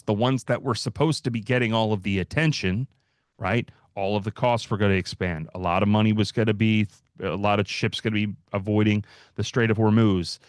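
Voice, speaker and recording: Low-voiced man talking through stock charts. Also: clear, resonant tone, no echo, studio quality. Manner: conversational, walking through charts with fillers. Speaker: market analyst host. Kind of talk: livestream market commentary.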